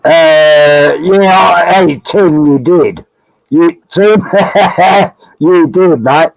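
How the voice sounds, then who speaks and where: Gravelly Australian man, rambling and laughing. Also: fairly high pitch, extremely slow, no room sound, rough recording. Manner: rambling, jokey, laughs often. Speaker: live stream guest. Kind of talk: casual live stream banter.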